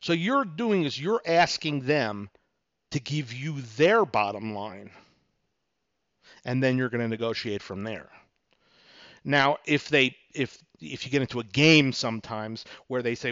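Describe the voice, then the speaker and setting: A man's voice: medium pitch, animated, unhurried, a bit bright, dry recording, dull audio. Chatty man teaching negotiation tips. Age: middle-aged. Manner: conversational, many fillers, acts out dialogue. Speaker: podcast host, attorney and investor. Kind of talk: casual teaching monologue.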